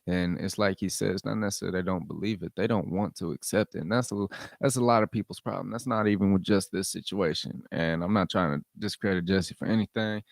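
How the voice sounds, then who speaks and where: A man's voice: low-pitched, steady tone, fairly quick, creaky, no room sound, clean studio sound. A man hosting his own vlog, giving blunt, profane commentary and repeating his points for emphasis. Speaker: vlog host. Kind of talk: casual rant commentary.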